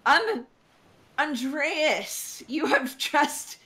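Slow bright-voiced woman game master. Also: high-pitched, animated. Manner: unhurried, hesitant with many fillers. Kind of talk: narrating a tabletop game.

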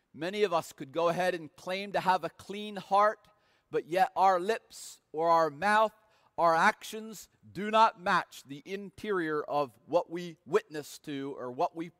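A man preaches slowly and deliberately, his voice sitting high for a man. He leans hard into dramatic, emphatic readings of scripture. The sound carries a long reverb, as in a church sanctuary. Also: a bit bright, clean studio sound. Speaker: pastor. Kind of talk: sermon.

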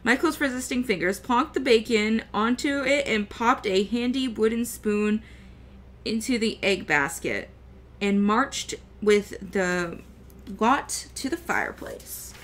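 A woman reading a novel aloud chapter by chapter, going slowly and carefully, stumbling now and then and correcting herself. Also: on the high side, animated, fairly bright tone. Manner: slow, careful reading with small slips and self-corrections. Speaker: VTuber book reader.

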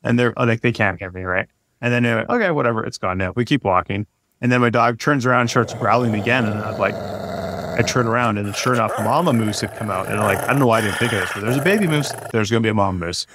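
A man's voice: on the low side, quick pace. A man in his forties, a podcast guest telling a story casually, rambling with many fillers and restarts. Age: 40s. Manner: rambling, lots of fillers and restarts, lively when retelling.

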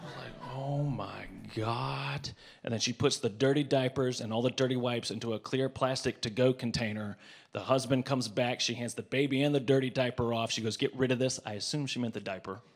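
A man in his forties performing a stand-up comedy set. He tells a story, swinging from muttered asides to loud, exasperated rants. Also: mid-range voice, steady tone, brisk. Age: 40s.

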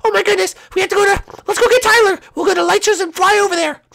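A man voicing a loud, grumpy little mushroom captain in a toy role-play, yelling his lines. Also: extremely high pitch, steady tone, fast talker, vocal fry, pitched above the performer's own voice, heavily acted. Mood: panicked.

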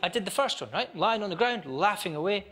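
Animated Scottish comedian on stage. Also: male voice, high-pitched, fast talker, heavy background noise. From Scotland. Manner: animated, chatty storytelling. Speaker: stand-up comedian. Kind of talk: stand-up comedy set. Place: comedy venue before live audience. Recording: live show with audience laughter.

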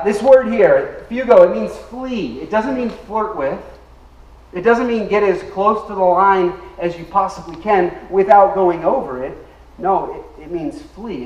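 A male pastor preaches a sermon, pitched a little high for a man and pressing his points with emphasis. He gets the congregation to repeat words back to him. The sound is roomy and echoey, picked up from some distance in a church. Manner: emphatic, leads the congregation in call-and-response. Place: church sanctuary. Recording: echoey room, mic at a distance.

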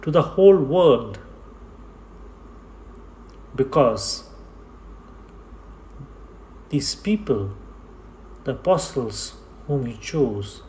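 A man preaching a sermon in church, slow and emphatic, repeating key words for stress. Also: mid-range voice, very animated, a little mellow, slight background noise. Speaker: pastor.

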